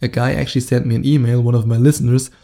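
Gravelly German-accented podcast coach. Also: male voice, mid-range voice, fairly even intonation, very fast, warm tone. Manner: direct, coaching, addresses the listener. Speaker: dating coach and podcast host. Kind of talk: solo podcast monologue.

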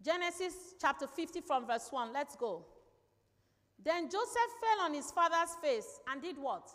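A woman's voice: sits high, fairly bright tone. A woman preaching a sermon emphatically, repeating key phrases and putting questions to the congregation. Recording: long reverb in a large hall.

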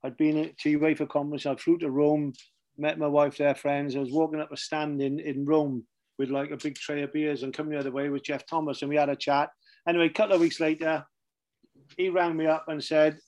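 Guy, middle aged, blunt storyteller on a podcast, voice a touch high. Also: little pitch movement, fairly quick, darkish tone. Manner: blunt, anecdotal, repeats phrases. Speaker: guest, former football manager. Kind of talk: casual podcast chat, storytelling.

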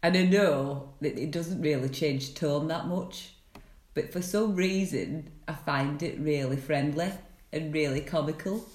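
A woman's voice: low-pitched, measured pace, darkish tone. Giggly Scottish woman in a roomy space. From Scotland. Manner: giggly, chatty, scattered. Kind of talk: casual chat.

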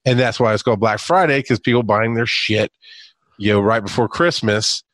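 A man's voice: lowish voice, moderate pace, fairly bright tone, no room sound. A man hosting a podcast who introduces topics in a laid-back, casual way and swears now and then. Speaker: podcast host. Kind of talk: casual chat.

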